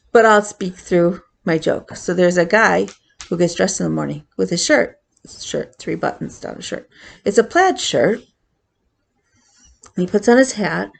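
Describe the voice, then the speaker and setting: A woman's voice: mid-range voice, gravelly, husky. A woman chatting casually on her cross-stitch vlog, rambling with fillers as she tells a story.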